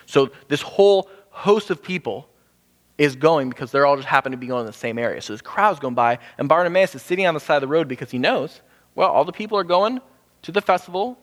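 A man preaching a casual, animated sermon, acting out the people in his story with jumps in pitch. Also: fast. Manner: animated, acts out quoted voices with sudden pitch jumps. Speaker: pastor. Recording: hall with long reverb.

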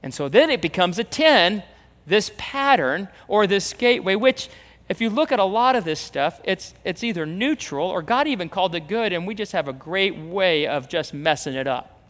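Emphatic high-voiced pastor in an echoing hall. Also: male voice, expressive, normal speed, a bit bright. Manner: emphatic, repeats phrases, acts out quoted voices. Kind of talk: sermon. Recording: reverberant hall, long echo.

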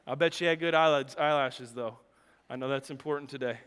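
A male pastor delivers his sermon in a high, bright and crisp voice. He tells the story dramatically and drops joking asides to the congregation. His voice rings with the long reverb of a large hall. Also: steady tone, normal speed.

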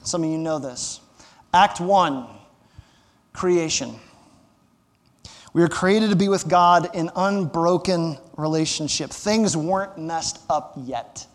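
A man's voice: fairly high pitch, slow pace, long pauses, long reverb tail. A man, a pastor, preaching a sermon in a conversational way, asking the listeners rhetorical questions and adding light humor.

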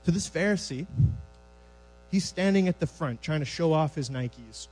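A man preaching a sermon in a church sanctuary, conversational and lively, acting out scenes from scripture. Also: a little high, normal speed, low-quality recording.

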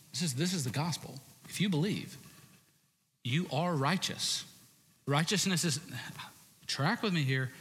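A man preaching a sermon as pastor, conversational with jokey asides and sudden shouted bursts. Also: a little high, big-room sound. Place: church stage.

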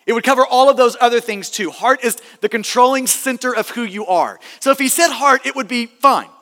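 A man's voice: very high voice, fairly quick, sharp tone, big-room sound. A male pastor preaching a sermon, earnest and emphatic, often restarting and repeating words for stress.

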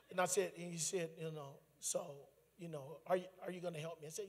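A high-pitched man preaches a personal testimony, his voice ringing through a big hall with a long echo. He tells his story in an animated way, full of asides and laughter. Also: fast talker, few pauses. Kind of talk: testimony sermon.

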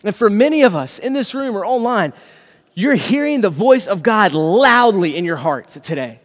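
A man preaching a sermon as pastor, animated and acting out quotes in casual paraphrase. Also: sits high, normal speed. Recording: long hall reverb.

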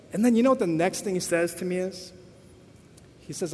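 High-voiced pastor preaching in a church. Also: male voice, quick pace, a little hiss or hum. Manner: animated, repeats words, addresses congregation. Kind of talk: sermon storytelling. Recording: echoey church hall.

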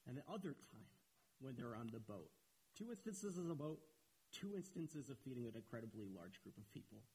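A man delivers an earnest sermon in a strongly husky, breathy voice. He leans on repetition to drive his points home, and his pitch climbs when he gets animated. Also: brisk, rough recording. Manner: earnest, repeats phrases for emphasis, rises in pitch when animated. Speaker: preacher.

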